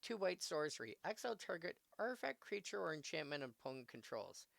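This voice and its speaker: A man's voice: a little high, sing-song, a little fast, vocal fry, fairly bright tone, no echo. A man casually commenting on a live stream, reading card text aloud and adding musing asides. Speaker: streamer opening card packs.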